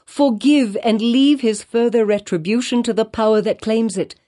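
A woman's voice: fairly low pitch, measured pace, dark tone, close to an everyday voice. A woman reading Hester Prynne, a firm, despairing woman. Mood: pleading. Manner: earnest, pleading, archaic speech. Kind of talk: audiobook character reading.

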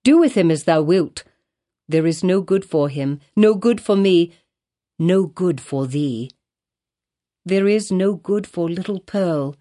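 A woman playing a sorrowful but firm young woman in an audiobook. She speaks in earnest, old-fashioned phrases with a warm, mellow tone. Her manner is pleading and resolute. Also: lowish voice, lively intonation, slow pace. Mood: firm despair. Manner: earnest, pleading, archaic speech. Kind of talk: audiobook character reading.

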